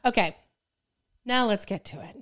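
A woman's voice: mid-range voice, lively intonation, a little slow, fairly bright tone. A woman co-hosting a casual advice podcast, chatting and reading a listener letter aloud with asides. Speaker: podcast co-host.

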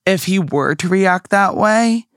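A man's voice: high voice, expressive, slow, a bit bright, clear, resonant tone, no room sound, clean studio sound. A young man, a guest co-host in casual podcast chat, who talks in long turns and acts out imagined quotes.

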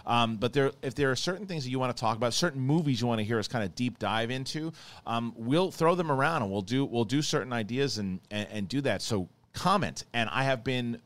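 A man hosting a podcast, chatting casually in a rambling, animated way with many restarts. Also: mid-range voice, dry recording. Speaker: podcast host. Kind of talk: casual chat.

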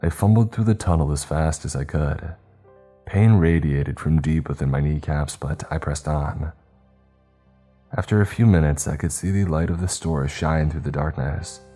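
Very deep-voiced male horror narrator. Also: dark tone.

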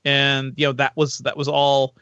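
A man co-hosting a podcast, chatting in an animated way. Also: medium pitch, moderate pace, clean tone, no echo, dull audio. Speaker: podcast co-host. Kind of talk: casual chat.

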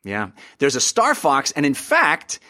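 A man hosting a podcast, upbeat and excitable, chatting casually about games with plenty of fillers. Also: fairly high pitch, measured pace. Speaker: podcast host. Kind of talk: casual chat.

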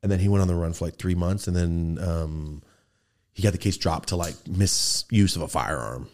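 In a studio, a male podcast host tells a profane street story casually and with animation, acting out quotes and gun sounds. His voice is low and his speed normal.

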